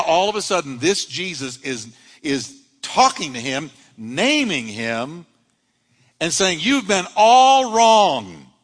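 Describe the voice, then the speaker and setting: Male pastor, fairly high voice, lively sermon delivery, long church-hall reverb. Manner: animated preaching, rising and dropping dramatically.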